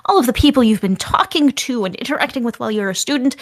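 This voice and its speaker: A woman's voice: fairly high pitch, lively intonation, fast talker, no room sound, clean studio sound. A woman running a tabletop game as game master, narrating scenes and explaining rules in a rambling, thinking-aloud way.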